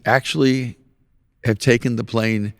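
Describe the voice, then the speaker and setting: Gravelly-voiced man telling animated stories. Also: mid-range voice, measured pace, no room sound, clean studio sound. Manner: animated storytelling, laughs often at own stories. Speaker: podcast host. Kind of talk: casual conversation.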